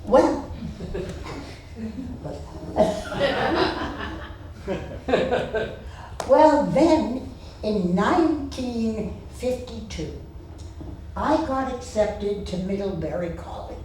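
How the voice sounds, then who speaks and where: A wry cabaret performer in her nineties from Boston, USA, tells comic stories live on a theater stage. She speaks slowly in a slightly high, darkish voice with lively intonation. The recording is echoey and distant from the mic, with slight background noise.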